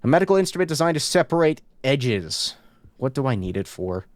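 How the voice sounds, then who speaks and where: A man's voice: medium pitch, very animated, a little fast, no echo. Dry-voiced man streaming a horror game. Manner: joking asides while reading game text aloud. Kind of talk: casual horror-game let's play.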